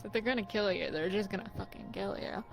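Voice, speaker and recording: A woman's voice: medium pitch, fast talker, creaky, music in the background, rough recording. A woman in casual chat, speaking in a laid-back, blunt way.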